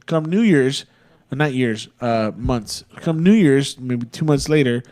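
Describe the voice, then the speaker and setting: A man's voice: mid-range voice, lively intonation, a little slow, a little mellow. A young man from Texas, a podcast co-host, telling a long rambling story in a casual, profane way. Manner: profane, rambling, laid-back.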